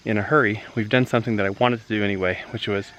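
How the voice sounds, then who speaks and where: A man talking casually on a farm vlog in a hurried, matter-of-fact way. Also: on the low side, fairly even intonation, a bit bright, muffled recording, slight background noise. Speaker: husband, co-host.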